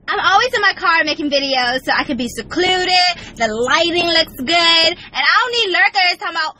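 A woman's voice: high-pitched, expressive, normal speed, pushed and bright, a little hiss or hum, poor audio. A woman comedy vlogger ranting in a brash, profane way from inside her car, swinging into exaggerated voices.

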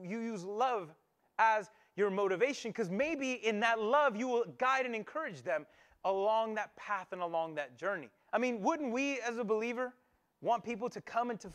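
A man's voice: high-pitched, moderate pace, fairly bright tone. A man preaching a sermon as pastor. He talks conversationally, asks his listeners questions, and often repeats himself. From United States.

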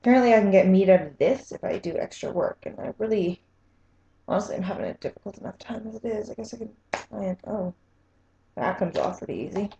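A woman's voice: mid-range voice, lively intonation, fast, creaky, mellow, dull audio, slight background noise. Young woman vlogger, squeamish and self-mocking, chatty to camera, echoey room. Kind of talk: casual cooking vlog.

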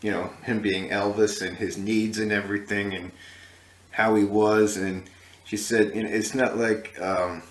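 A man's voice: fairly low pitch, flat delivery, unhurried, reverberant. A man hosting a history channel, telling a story casually to the camera with many fillers and restarts.

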